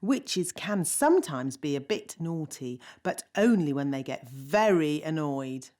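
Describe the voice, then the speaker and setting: A woman's voice: low voice, expressive, measured pace, darkish tone. A woman voicing a bossy, fussy fairy nanny in a children's cartoon, talking in a chatty, matter-of-fact way. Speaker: nanny to the princesses.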